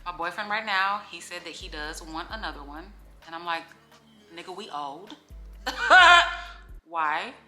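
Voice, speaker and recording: A woman's voice: lowish voice, normal speed, sharp tone. A woman in her forties, a vlogger chatting candidly to camera in a casual Q&A, open and emotional. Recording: echoey room with faint music.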